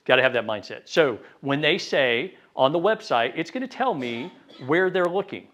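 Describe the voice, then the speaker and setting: A man giving a live sales training talk to a room, lively and conversational, acting out phone calls in quick voices. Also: fairly high pitch. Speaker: real estate sales trainer. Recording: dull lo-fi sound.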